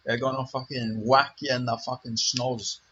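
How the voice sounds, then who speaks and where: A man's voice: mid-range voice, flat delivery, moderate pace, fairly bright tone, slight background noise. A man hosting his own channel, ranting with heavy swearing and rambling asides. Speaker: channel host. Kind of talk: profane rant to camera. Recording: dull lo-fi recording.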